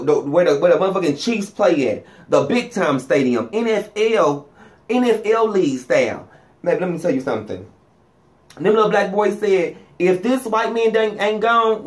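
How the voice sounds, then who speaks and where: Sassy flamboyant man, slightly high voice. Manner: sassy, flamboyant, swings pitch up and down for emphasis. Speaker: vlogger. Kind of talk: profane comedic gossip monologue.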